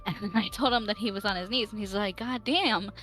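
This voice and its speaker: A woman chatting casually on a live stream, telling an animated story and laughing often. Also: mid-range voice, quick pace. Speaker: player. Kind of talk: casual chat.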